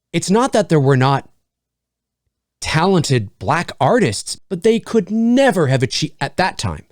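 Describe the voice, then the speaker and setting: Animated, profane man reviewing a film. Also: a little high, dry recording, clean studio sound. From Canada. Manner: animated, profane, voices imagined critics. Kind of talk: casual opinion monologue.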